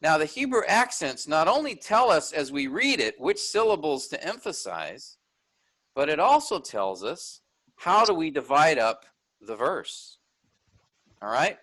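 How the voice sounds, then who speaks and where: A man's voice: a little high, sing-song, a little slow, a bit bright, low-quality recording. A man teaching an online workshop, explaining a text step by step and checking in with his listeners.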